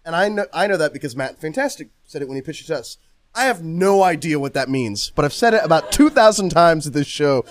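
A man's voice: fairly high pitch, expressive, brisk. A man co-hosting a live podcast panel, making joking, sarcastic asides. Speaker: podcast co-host and game publisher.

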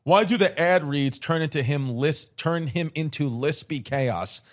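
A brash man trading jokes on a comedy podcast, his voice sitting a little higher than most men's. He talks in loose, casual banter and likes to tease. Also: measured pace. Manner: brash, joking, mocking banter. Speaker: podcast co-host.

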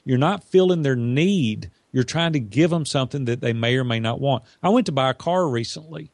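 A male business coach talking emphatically and persuasively in an interview, acting out the dialogue he quotes. His voice sits at an ordinary pitch for a man. The sound is dry and close, with no room echo. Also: expressive, fairly quick. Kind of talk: casual interview storytelling.

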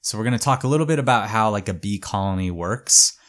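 Man, podcast host, casual storyteller, lowish voice, relaxed, filler-heavy. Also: quick pace. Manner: relaxed, hedging, many "like" fillers.

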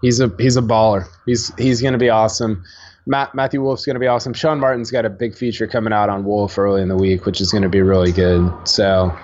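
A man's voice: fairly low pitch, fairly even intonation, fast, a little mellow, dull audio. A man co-hosting a casual sports podcast, chatty and full of fillers and restarts. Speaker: podcast co-host.

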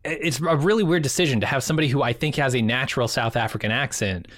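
A man's voice: medium pitch, quick pace, fairly bright tone, dry recording. Dry-voiced man, casual podcast chat. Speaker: podcast co-host.

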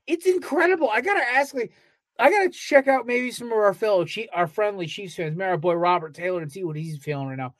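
A man's voice: sits high, animated, brisk, no room sound. A man co-hosting a casual sports podcast, ranting in a fired-up way with heavy swearing. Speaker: podcast co-host.

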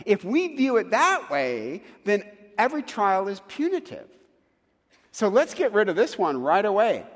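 A man's voice: high-pitched, in a large hall. A man preaching a sermon, telling a personal story with acted asides and direct questions to the congregation. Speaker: pastor.

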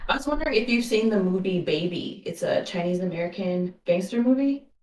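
A woman's voice: medium pitch, animated, fairly quick, darkish tone, far from the mic, a little hiss or hum. A woman calling in to a podcast, chatting with lots of ums and likes. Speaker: caller. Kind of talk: casual call-in chat. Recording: roomy remote call.

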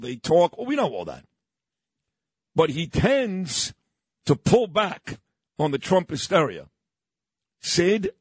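A man hosting a morning talk radio show, loud, combative and ranting. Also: on the high side, husky, dry recording. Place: radio studio.

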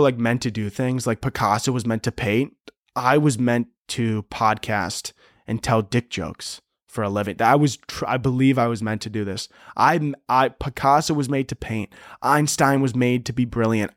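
A young man hosting a solo comedy podcast, rambling and sarcastic, swearing often and breaking into squeaky mocking voices. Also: no echo, clean studio sound. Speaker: podcast host.

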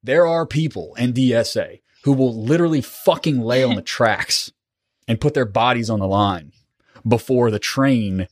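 A podcast host with a mid-range voice speaks at normal speed in casual political chat. He comes across impassioned and rambling, swearing often.

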